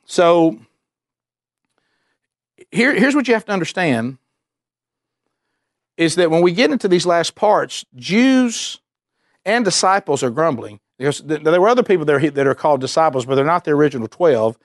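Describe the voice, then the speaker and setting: A man's voice: fairly high pitch, lively intonation, moderate pace, long pauses, no echo, clean studio sound. A man preaching a sermon, earnest and repetitive, firing off rhetorical questions. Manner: earnest, repeats words, fires rhetorical questions.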